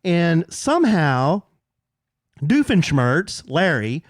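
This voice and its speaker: A middle-aged man co-hosting a podcast, telling a story in casual chat and jumping up high whenever he quotes someone. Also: slow pace, no echo, clean studio sound. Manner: animated, jumps high when quoting people. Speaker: podcast co-host.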